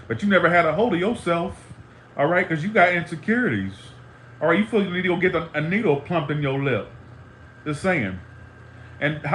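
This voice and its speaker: There's slight background noise behind this man's fairly high, fairly bright voice. Addressing a live stream audience, he launches into a repetitive, profane, hot-tempered rant, with roomy echo and faint ambience in the recording.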